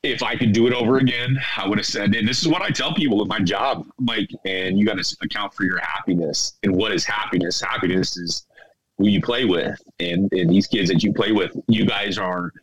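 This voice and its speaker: A man speaking to his old teammates, tearful, halting and repeating himself as he pours out heartfelt thanks and apology. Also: on the low side, a loud crowd, low-quality recording. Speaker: former teammate, guest. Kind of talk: emotional heartfelt confession.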